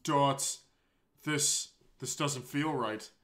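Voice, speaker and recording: Brief: man reading as a shy teen girl in a visual novel, tearful, halting, bright edge. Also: mid-range voice. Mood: anguished. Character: shy, anguished teenage girl.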